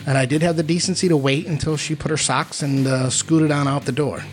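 A man's voice: on the high side, steady tone, brisk. A man telling a rambling, self-mocking story in a casual monologue, with many fillers. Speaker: podcast host. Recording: faint guitar music behind.

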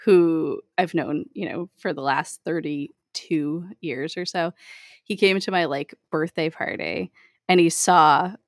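A woman around forty hosting an interview, chatty and quick to laugh as she tells stories. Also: deep voice, no echo, clean studio sound. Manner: giggly, chatty storyteller. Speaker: podcast host. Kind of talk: casual interview chat.

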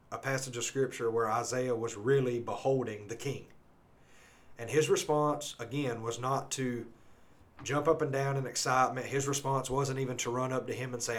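A man's voice: mid-range voice, fairly even intonation. Earnest man teaching scripture. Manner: earnest, reads scripture slowly and emphatically, then rambles with restarts. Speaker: podcast co-host. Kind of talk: conversational Bible teaching.

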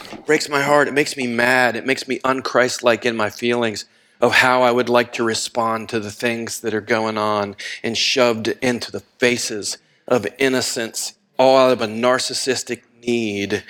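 An older man, a pastor, gives a sermon that swings between loud passion and hushed quiet, sprinkled with folksy asides and laughter.

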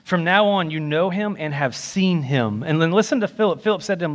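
Young man, pastor, sermon in a church, animated delivery, voices the quotes, somewhat high pitch. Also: fairly quick. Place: church sanctuary.

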